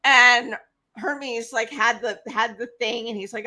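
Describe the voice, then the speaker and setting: A woman host casually retelling myths in a chatty, animated way. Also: a little high, a little slow. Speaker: podcast host. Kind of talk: casual myth storytelling.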